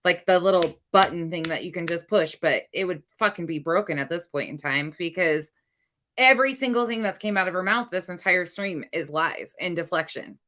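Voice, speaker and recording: A woman's voice: lowish voice, moderate pace, pushed and bright. A woman hosting reaction commentary, sarcastic and exasperated about what she plays. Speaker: commentary host.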